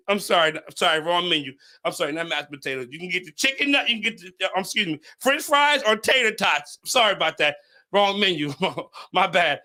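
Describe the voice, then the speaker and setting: A podcast host spins a loose, profane story in a strikingly high voice. He keeps stumbling and restarting as he goes, in a bright, sharp tone. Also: a little fast. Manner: profane, rambling, stumbling over words. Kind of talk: casual storytelling.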